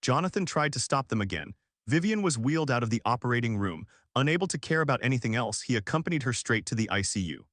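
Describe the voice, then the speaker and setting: A man narrating a first-person love story in a steady, earnest way. His voice sits at a middle pitch. The recording is close and dry, with no room sound. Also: fast, no echo.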